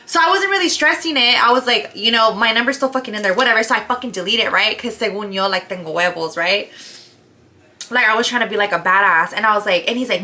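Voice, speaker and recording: A young woman, telling a story in a casual, profane, animated way, full of "like" and "right?". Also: a little high, fast. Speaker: vlogger.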